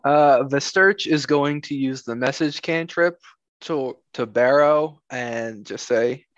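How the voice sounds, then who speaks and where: A man's voice: medium pitch, no room sound, highs cut off. A man playing in a tabletop game, hesitant and full of "uh"s. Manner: slow, hesitant, lots of "uh". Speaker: player.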